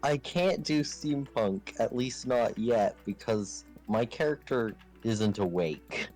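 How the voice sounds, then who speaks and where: A man in a casual gaming chat, speaking with dry, deadpan quips. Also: mid-range voice, slow, faint music behind, low-quality recording. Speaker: friend on game server.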